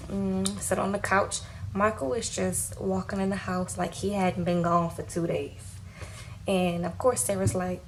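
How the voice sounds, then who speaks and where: Woman, casual slangy recap, animated delivery, faint background hiss. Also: mid-range voice, unhurried, low-quality recording. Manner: animated, slangy, acts out quotes. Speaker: TV recap vlogger. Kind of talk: casual recap with acted quotes.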